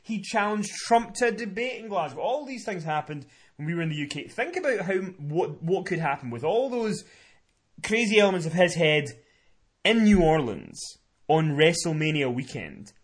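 A man's voice: fairly high pitch, moderate pace. A man co-hosting a podcast, telling a story in casual chat. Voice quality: chatty, animated storyteller. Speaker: podcast co-host and event promoter.

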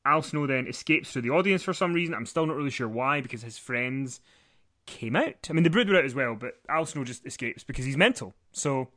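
A medium-pitched, slightly bright male voice, expressive and a little fast, co-hosts a laid-back wrestling recap podcast. He rambles and jokes around, using plenty of fillers.

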